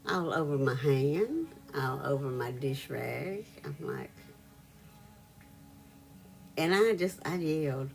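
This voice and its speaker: A woman's voice: very deep voice, big pitch swings, takes it slowly, gravelly, long pauses. A woman hosting a reiki live stream, telling a story in a casual chat with viewers, laughing often and greeting them by name.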